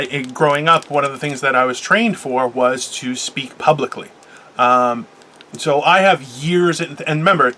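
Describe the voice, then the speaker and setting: A man's voice: mid-range voice, bright, forceful tone, a little hiss or hum. A man in his forties co-hosting a casual talk show, blunt and lecturing, often talking over his co-host. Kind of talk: casual chat.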